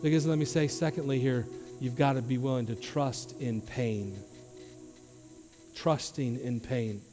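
A man, a pastor, preaching a sermon to his church, dropping to quiet low asides and rising to loud emphatic questions. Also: steady tone, measured pace, soft background music. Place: church sanctuary. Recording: dull sound with long hall reverb.

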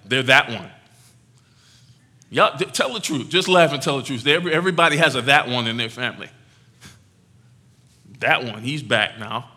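Male preacher, bright tone, animated and conversational sermon delivery. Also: medium pitch. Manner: animated, conversational, teasing the congregation.

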